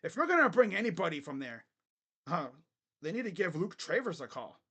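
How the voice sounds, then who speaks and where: A young man hosting a casual live basketball reaction, joking bluntly and crudely with sudden loud bursts. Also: high voice, big pitch swings, brisk, breathy edge. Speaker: sports channel host. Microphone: webcam setup.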